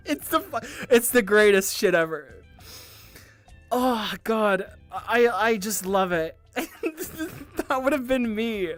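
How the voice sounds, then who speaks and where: A woman hosting a casual livestream, answering viewer questions in a rambling, excitable way, swearing and laughing often. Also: fairly high pitch, takes it slowly, long pauses, dry recording, faint music behind. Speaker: VTuber livestream host.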